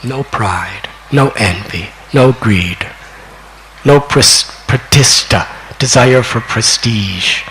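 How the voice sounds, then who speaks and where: An older man in his sixties, a spiritual teacher telling a devotional story in a slow, deliberate way that climbs to excited peaks. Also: mid-range voice, a little hiss or hum, low-quality recording. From United States. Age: 60s.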